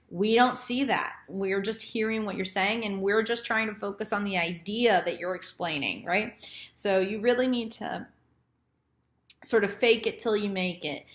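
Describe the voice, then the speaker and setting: A woman giving a casual lesson on presenting, chatty and animated, acting out the thoughts she quotes. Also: mid-range voice. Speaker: presentation skills teacher. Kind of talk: casual instructional talk. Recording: roomy echo.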